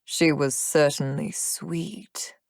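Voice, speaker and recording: A cold, taunting male demon warrior from an audiobook, voiced by a woman. He speaks slowly in a low, hushed register, with a smirk under every word. The dry, close recording keeps each breath intimate. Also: steady tone, gravelly, no room sound, exaggerated voice. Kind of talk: audiobook character voice.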